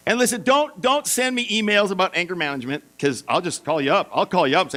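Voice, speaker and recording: A middle-aged male pastor telling a self-mocking story in a sermon, animated and playful. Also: on the high side, quick pace. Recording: mains hum.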